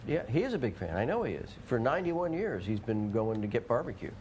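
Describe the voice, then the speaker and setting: A man's voice: mid-range voice, big pitch swings, fast talker, darkish tone, a little hiss or hum. A man hosting a local TV show, rambling and joking in casual chat and slipping into playful put-on voices. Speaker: TV show host.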